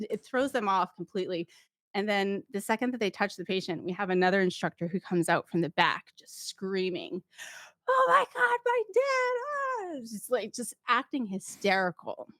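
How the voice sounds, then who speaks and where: A woman guest, a former paramedic, talking casually in an interview, telling lively stories with acted-out voices and frequent laughs. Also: lowish voice, dry recording, studio quality. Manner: animated storyteller who acts out voices and laughs often.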